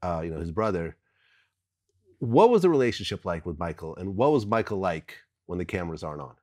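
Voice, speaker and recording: A man's voice: sits low, big pitch swings, brisk, darkish tone. A man hosting an interview, asking questions in a conversational way with frequent fillers.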